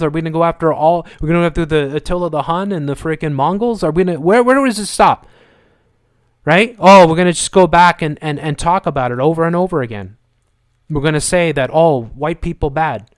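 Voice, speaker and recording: A man's voice: a little high, no room sound, clean studio sound. A man hosting a live show, ranting in a heated, argumentative way and swearing as he repeats his points. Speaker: host of a live commentary show. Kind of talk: heated political rant.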